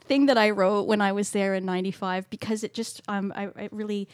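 A woman's voice: medium pitch, level tone, a little fast, no room sound. Hesitant woman with a dry sound. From Canada. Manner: hesitant, lots of ums, reads passages aloud. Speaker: podcast co-host. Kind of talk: casual book-club chat.

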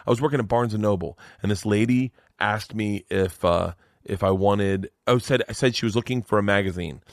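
A man's voice: lowish voice, no echo, clean studio sound. A middle-aged man, a stand-up comedian, telling stories on a podcast and acting out the people in them. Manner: fast, animated storyteller acting out quoted voices. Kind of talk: casual podcast storytelling.

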